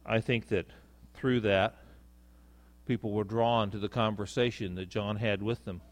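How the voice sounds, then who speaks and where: Soft-spoken male pastor preaching. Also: steady tone, unhurried. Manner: conversational preaching, rising with emphasis on key points; drops to a soft, low voice for reflective lines. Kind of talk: sermon.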